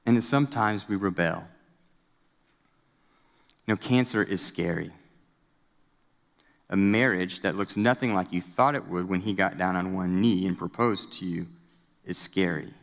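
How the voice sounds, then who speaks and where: A man in his thirties, a student pastor, preaching a storytelling sermon in a conversational, animated way. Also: sits low, measured pace, gravelly, pauses often, long reverb tail. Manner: conversational and animated, with casual fillers. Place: church sanctuary.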